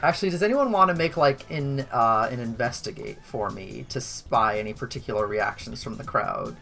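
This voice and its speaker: A game master narrating a tabletop game in a casual, rambling way, full of fillers. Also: female voice, rumbling low, animated, normal speed, gravelly, a bit bright, soft background music.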